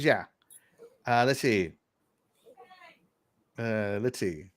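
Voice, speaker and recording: A man's voice: mid-range voice, lively intonation, normal speed, fairly bright tone. A middle-aged man from Texas hosting a casual gaming podcast, rambling and laughing as he reads out viewer comments. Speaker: podcast host.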